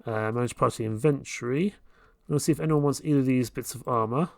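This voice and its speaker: With a gravelly, medium-pitched voice and a quick pace, a man hosts a let's play in a dry, echo-free recording. He stays relaxed, giving casual commentary and thinking through his next moves aloud, while game music plays faintly.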